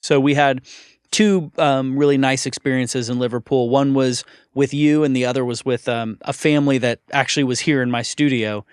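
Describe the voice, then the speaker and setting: Curious male podcast host, smooth tone. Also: medium pitch, fairly even intonation, normal speed, no room sound, clean studio sound. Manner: curious, laughs easily. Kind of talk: casual interview chat.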